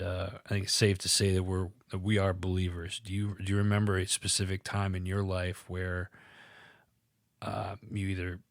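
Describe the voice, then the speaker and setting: A man hosting a podcast interview, jovial and quick to laugh, with stumbling restarts. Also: deep voice, dry recording, studio quality. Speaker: podcast host. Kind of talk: casual interview chat.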